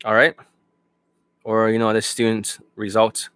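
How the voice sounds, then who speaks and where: A man's voice: on the low side, completely flat delivery, a little slow, fairly bright tone, smooth, no echo. A man working as a dating coach, ranting bluntly and profanely to his students. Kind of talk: unscripted monologue to students.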